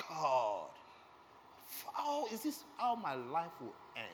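A middle-aged man preaching his testimony with earnest emotion, his voice a touch higher than most men's and rising and falling widely. He sounds as if he is in a big hall with a long echo trailing behind his words. A faint noise sits under the recording. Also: huge pitch swings, slow pace. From Nigeria. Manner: earnest, emotional storytelling, asks the audience questions. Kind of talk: sermon testimony.

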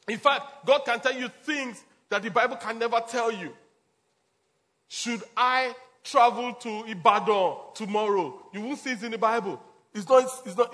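A man's voice: very high-pitched, fairly bright tone. A man preaching a sermon as a pastor, repeating his points emphatically and chuckling between them.

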